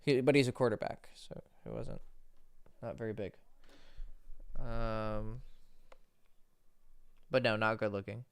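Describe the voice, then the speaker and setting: A man's voice: on the low side, steady tone, slow pace, vocal fry, long pauses, smooth. A man hosting a casual livestream Q&A from home as a dating coach, talking loosely and profanely and explaining with examples and stories.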